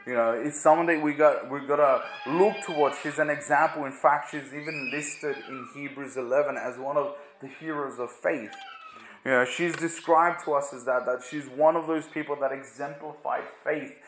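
A man giving a conversational Bible teaching, often halting and repeating words with frequent "you know" fillers. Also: a little high, steady tone, a bit bright, a little hiss or hum. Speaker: preacher. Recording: echoey room.

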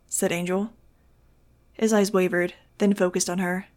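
A woman reading a novel aloud in an expressive, wry first-person narrating voice. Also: medium pitch, moderate pace. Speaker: audiobook reader.

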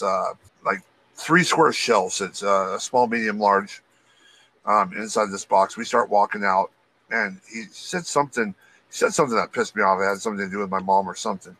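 A man's voice: fairly low pitch, moderate pace, poor audio. A man telling a work story on a podcast in a casual, profane way, acting out the people he quotes. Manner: profane, animated, acts out quotes. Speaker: podcast co-host, retail loss prevention worker.

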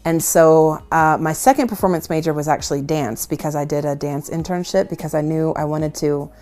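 Low, dark and brisk, the voice belongs to a woman who leads worship. She tells self-mocking stories conversationally in a casual interview, laughing often.

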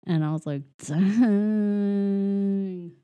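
A woman's voice: fairly low pitch, unhurried, muffled recording. A woman in casual chat, animatedly retelling a film scene by scene, acting out the characters' lines and saying "like" a lot. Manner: animated retelling, acts out quoted lines, frequent "like". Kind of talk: casual movie recap chat.

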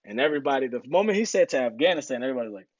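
Lively storytelling man, dull dry podcast audio. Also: rapid-fire, dry recording. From United States. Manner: animated storyteller, acts out quotes in high voices, laughs often. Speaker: guest. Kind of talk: casual storytelling interview.

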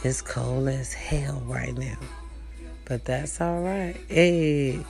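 Mellow-voiced woman chatting casually at home. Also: very deep voice, takes it slowly, creaky, faint music behind. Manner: chatty and profane, talks straight to viewers. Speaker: livestream host. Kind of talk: casual chat. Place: at home, indoors.

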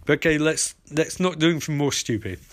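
A man's voice: on the high side, animated, a little fast, close to an everyday voice. A man doing a stern fatherly cop. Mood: scolding.

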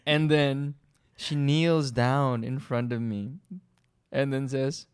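Casual male co-host with a Filipino accent, lively storyteller. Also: mid-range voice, takes it slowly, clean tone. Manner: animated storyteller, switches languages mid-sentence. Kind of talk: casual couple chat.

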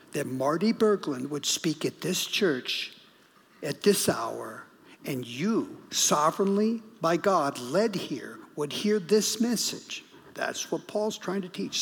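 A middle-aged man, a guest pastor, preaching a sermon as a story, swinging from urgent bursts to hushed, whispered lines. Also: sits high, gravelly, slightly rough, in a large hall. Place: church sanctuary.

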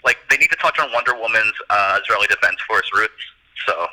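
A man with a very bright, forward voice banters on a podcast. His pitch swings widely as he laughs and wanders off topic. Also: fast talker, low-quality recording. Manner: lively, laughing, tangential. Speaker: podcast co-host. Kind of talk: casual comedic chat.

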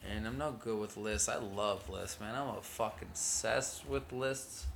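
A man's voice: on the low side, unhurried, creaky, noisy background. A man hosting his own show in a rambling, casual monologue, laid-back and drawling, swearing a lot and calling everyone "man.". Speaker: podcast host.

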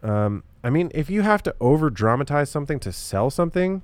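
A man's voice: on the high side, very animated, brisk, no room sound. A young man talking in a rambling, profane way with lots of fillers, hosting a casual solo podcast.

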